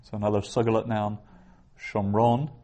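Guy teaching a class, lowish voice, patient, sounds out hebrew words slow. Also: fairly even intonation. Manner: patient, explanatory, pronounces Hebrew words slowly. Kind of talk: classroom lecture.

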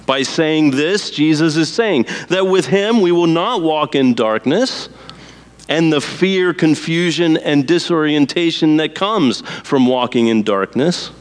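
Slow, deliberate male pastor preaching. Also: fairly high pitch, smooth. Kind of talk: sermon.

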